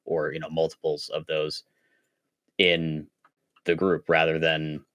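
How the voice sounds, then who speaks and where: Deep-voiced eager man in casual chat. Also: completely flat delivery, unhurried, a bit bright, clean tone, no echo. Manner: eager, many "like" fillers and restarts. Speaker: podcast guest.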